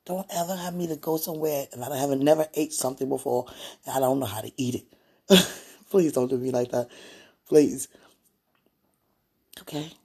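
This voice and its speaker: A woman talking aloud in a casual, rambling way, drifting between hushed and loud. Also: extremely low pitch, normal speed, pauses often, breathy edge. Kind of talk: casual spoken prayer and chat.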